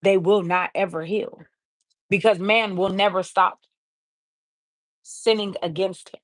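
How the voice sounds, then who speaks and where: In clean, dry studio sound with no room tone, a woman livestream host with a mid-range voice and fairly even intonation earnestly recounts someone's story. She goes a little slowly and keeps stopping for repeated "she said" asides.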